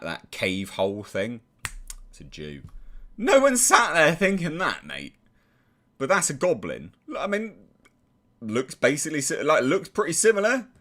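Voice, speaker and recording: A man's voice: on the low side, fairly bright tone. A man with an English accent giving casual, sarcastic commentary, exasperated and swearing freely. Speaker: YouTube commentator.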